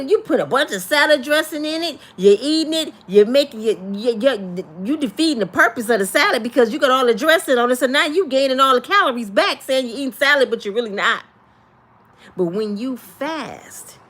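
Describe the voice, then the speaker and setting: An older woman, hosting a casual livestream and talking to her viewers with animated, preachy energy. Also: fairly high pitch, slight background noise. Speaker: livestream host.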